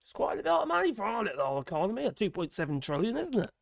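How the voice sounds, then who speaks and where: A British man with a raspy voice giving casual, sarcastic commentary, exasperated and swearing freely. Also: sits high, huge pitch swings, quick pace, dry recording, clean studio sound. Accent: British English. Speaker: political commentator.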